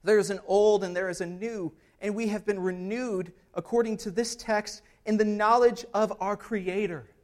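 Earnest pastor preaching with conversational asides. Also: male voice, sits high, fairly even intonation, normal speed, hardly any pauses. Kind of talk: expository sermon.

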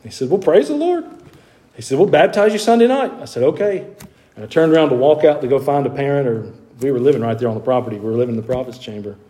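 A man's voice: medium pitch, lively intonation, racing, dark tone. A middle-aged male pastor telling his own conversion story in a sermon, folksy and earnest, sometimes repeating words as he presses a point.

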